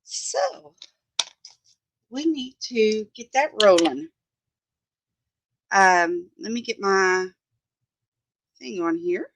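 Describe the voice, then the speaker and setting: Lady crafting at her desk on a live stream, slow and chatty, dry close sound. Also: mid-range voice, lively intonation, no echo. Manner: chatty, greets viewers by name, thinks aloud. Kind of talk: casual live-stream chat while crafting. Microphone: phone.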